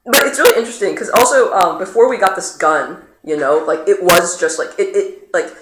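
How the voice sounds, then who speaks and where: A streamer talks loosely over gameplay, piling up fillers and restarts with sudden leaps in pitch. The voice sits in a middle register. It rings in a roomy space with a faint hiss behind it. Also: fairly quick, a bit bright. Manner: rambling, many fillers, sudden pitch jumps. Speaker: streamer playing the game. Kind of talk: casual chat over gameplay. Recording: roomy echo, faint noise.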